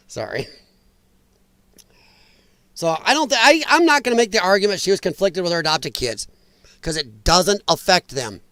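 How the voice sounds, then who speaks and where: A man's voice: high-pitched, expressive, measured pace, long pauses, a bit bright, no echo. A man hosting a political commentary livestream, ranting with strong opinions and reacting to viewer chat. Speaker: host.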